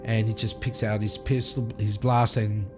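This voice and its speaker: A man narrating his solo tabletop game, telling the story in a lively way and acting out scenes. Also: lowish voice, normal speed, over music.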